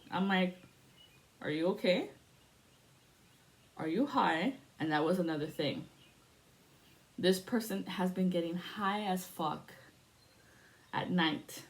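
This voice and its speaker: A woman's voice: mid-range voice, darkish tone. A woman giving a casual spiritual reading, chatty and profane, laughing often and shifting into a spoken prayer to invoke spirits. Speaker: spiritual reader.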